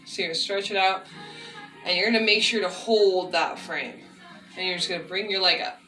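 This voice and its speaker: A woman's voice: medium pitch, fairly even intonation, brisk, bright, forceful tone. A woman giving a casual, chatty workout demonstration with many fillers and self-deprecating asides. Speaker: fitness vlogger. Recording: echoey room, mic at a distance, faint music.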